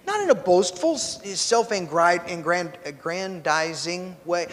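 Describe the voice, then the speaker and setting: A man's voice: fairly high pitch, expressive, normal speed, big-room sound. A man from rural Missouri teaching a Bible class in a church, telling personal stories with self-deprecating asides and building to preachy emphasis. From rural Missouri, USA.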